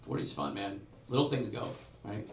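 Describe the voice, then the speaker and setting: A man's voice: lowish voice, normal speed, background noise. A man in his forties doing a stand-up set in a comedy club, telling stories animatedly and acting out the voices. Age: 40s. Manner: animated storytelling with acted-out voices. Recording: echoey club from far off with crowd.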